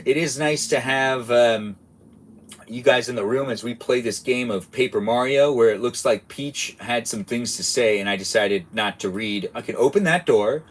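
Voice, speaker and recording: A man's voice: medium pitch, normal speed. A young man casually chatting on his live stream while playing a game, rambling and chatty. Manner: rambling, chatty, self-interrupting.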